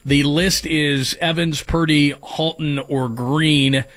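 A man's voice: a little high, steady tone, slow pace, fairly bright tone, soft background music. A man hosting sports talk radio, giving strong opinions as he runs through names and stats.

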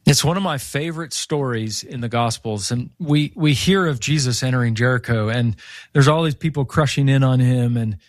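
A man who is an author and guest on a faith radio show, telling stories in an animated way and acting out the quoted voices. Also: mid-range voice, moderate pace, no echo, clean studio sound.

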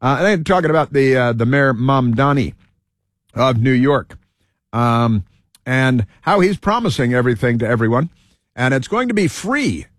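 A man's voice: mid-range voice, sing-song, normal speed, no room sound, clean studio sound. A man hosting a talk show, rambling and digressive, stumbling over words with lots of fillers. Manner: digressive, stumbling, repeats himself with many fillers. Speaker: radio talk show host. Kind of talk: rambling opinion monologue.

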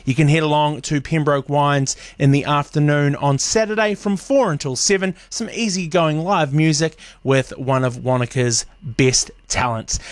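Brief: male NZ radio host, slightly high voice, upbeat and self-deprecating, reads a community events rundown on a dead-dry studio mic. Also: no echo. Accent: New Zealand. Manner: chatty, upbeat and self-mocking. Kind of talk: reading a local events guide.

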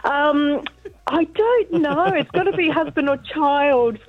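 A woman's voice: high-pitched, takes it slowly. Bubbly woman on phone. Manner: chatty, bubbly. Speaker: caller. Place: airport boarding lounge. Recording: dull phone line with crowd behind.

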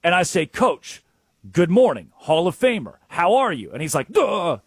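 A man co-hosting a sports talk show, telling stories in an excitable way and acting out quotes. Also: fairly high pitch, normal speed, breathy edge, no room sound, studio quality. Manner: storytelling, acts out quotes, excitable.

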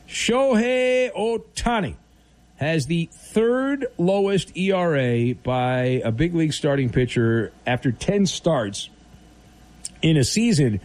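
A man's voice: fairly high pitch, darkish tone. A man hosting a late-night sports radio show, teasing callers in a playful, mock-serious way.

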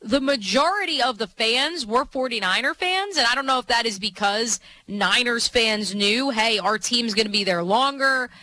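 A woman co-hosts a sports radio show in loose, playful banter. Her voice sits a little high with a bright, forward tone. She talks in a chatty way, trailing off and restarting. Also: lively intonation, moderate pace, few pauses, low-quality recording.

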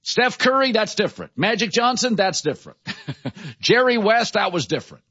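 A man's voice: high-pitched, sing-song, moderate pace, sharp tone, husky, no room sound, muffled recording. A man hosting a sports talk show, making emphatic, punchy declarations.

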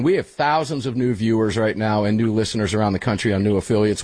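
Chatty husky male radio host. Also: mid-range voice. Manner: energetic, chatty, calls everyone brother. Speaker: radio talk show host. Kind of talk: casual talk radio hosting. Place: small hot studio full of equipment. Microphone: studio microphone.

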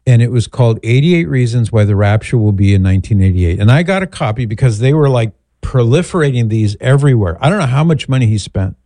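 A middle-aged man hosting a call-in show, answering a caller in a measured, thoughtful way with rambling asides. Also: medium pitch, animated, mellow, no echo. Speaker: radio show host. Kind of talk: call-in advice talk.

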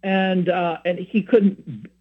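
Husky earnest guy hosting a catholic show, rambly with lots of asides, sounds like a phone call. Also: high-pitched, little pitch movement, slow pace. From San Francisco. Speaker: host of a Catholic program. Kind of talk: informal spoken teaching and personal story.

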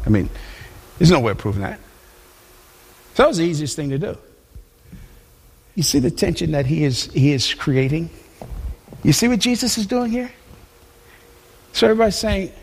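High-pitched pastor preaching, chatty and lively, long church echo. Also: male voice, normal speed, pauses often. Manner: conversational, animated, many restarts. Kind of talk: sermon.

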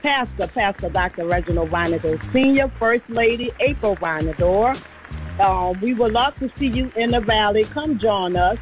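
Woman, phone caller, calm, inviting, faint music. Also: mid-range voice, normal speed. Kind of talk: phone call shout-out.

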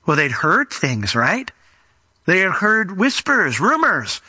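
Male pastor, sermon delivery, bright and forceful tone, slightly raised pitch, dry sound. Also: wildly swooping pitch, slow pace, slightly rough, dry recording. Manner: conversational, acts out quotes, emphatic.

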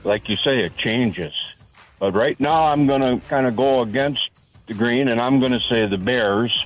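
A man calling in to a sports radio show, speaking haltingly with restarts. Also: mid-range voice, soft background music, rough recording. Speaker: radio caller.

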